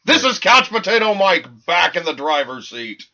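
A man's voice: high voice, normal speed. A man co-hosting a podcast, ranting and swearing freely in casual banter. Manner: profane, ranting, animated. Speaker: podcast co-host. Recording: muffled lo-fi podcast audio.

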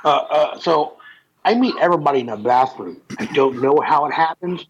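Man, slightly high voice, casual podcast storyteller, rambling with restarts, dull lo-fi sound, faint noise. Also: lively intonation, normal speed. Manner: rambling, laughing, with stammered restarts. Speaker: podcast co-host, comic artist.

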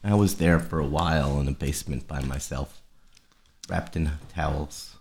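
A man in an improvised comedy podcast, rambling hesitantly with many pauses and ums. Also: a bass voice, fairly even intonation, a little mellow.

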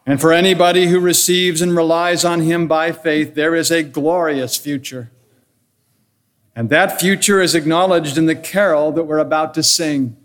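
Male pastor, slightly higher voice, earnest and measured sermon delivery. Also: steady tone. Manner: earnest, measured preaching with rhetorical questions and enumerated points.

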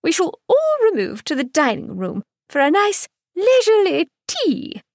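A woman voicing a shrill, excitable older society mother who trills and chirps her words. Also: a little slow, dry recording, studio quality, exaggerated voice. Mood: chirpy.

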